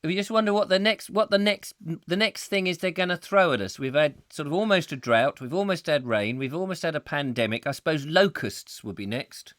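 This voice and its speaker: A man's voice: fairly high pitch, brisk, hardly any pauses, dry recording, studio quality. A man hosting a live call-in chat show, rambling and joking as he chats to callers, with a slight cough. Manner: chatty, jokey, animated, laughs often. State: recovering from a cough.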